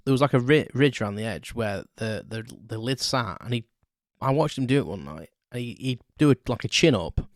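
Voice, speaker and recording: A podcast host with a medium-pitched voice shares childhood stories alone on his show, chuckling and correcting himself as he rambles. The sound is dry, studio-quality recording.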